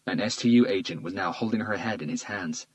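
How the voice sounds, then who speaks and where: A man narrating a crime thriller audiobook in a steady, measured read. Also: on the low side, dry recording, low-quality recording. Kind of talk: scripted narration.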